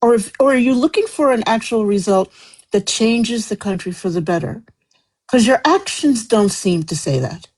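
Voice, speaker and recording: A woman's voice: on the high side, lively intonation, moderate pace, darkish tone, slightly rough, poor audio. A woman speaking passionately in a live stream debate, her voice climbing as she gets heated and then apologizing.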